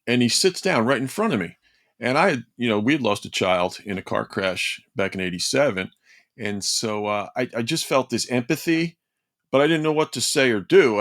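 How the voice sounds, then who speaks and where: An older man, a guest in a conversation, telling a personal story in a lively, rambling way and acting out the other people's lines. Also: fairly low pitch. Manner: animated, rambling, acts out quoted dialogue.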